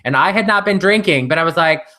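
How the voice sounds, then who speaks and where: Male co-host, bright tone, rambling chatty delivery full of fillers. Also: fairly high pitch, animated, fast. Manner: rambling storyteller with many fillers. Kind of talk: casual live chat.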